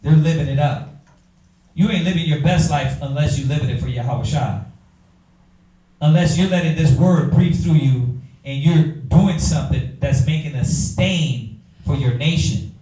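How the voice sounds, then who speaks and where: A man, teaching a Bible class in an animated preaching style, talking straight to the room. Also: a little high, moderate pace, recorded from a distance. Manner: animated, talks to the room, acts out quoted voices. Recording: echoey room from afar.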